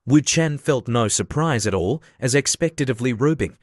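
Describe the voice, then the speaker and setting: A man narrating a manga recap in a steady, scripted way. His voice is mid-pitched. The recording is dry and close. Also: moderate pace, hardly any pauses, no room sound.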